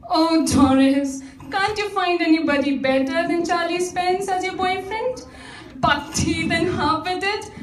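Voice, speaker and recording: High-voiced woman as a tart stage mum, teasing her family, heard from far off in an echoey hall. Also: measured pace, a little hiss or hum. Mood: mocking. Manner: sharp, mocking, teasing. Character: fed-up middle-aged mother turning the tables on her family. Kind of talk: amateur stage acting. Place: theatre stage.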